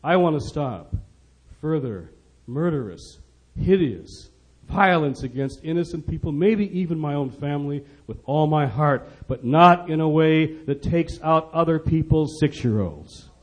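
A middle-aged man preaching an impassioned sermon, pressing his points with repetition and loud emphasis. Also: a little high, expressive, a little slow, husky. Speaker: preacher speaking on poverty. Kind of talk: sermon-style speech.

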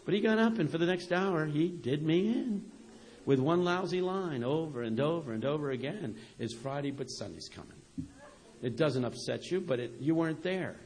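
High-pitched man preaching a sermon. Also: expressive, normal speed. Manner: storytelling, building to shouted crescendos.

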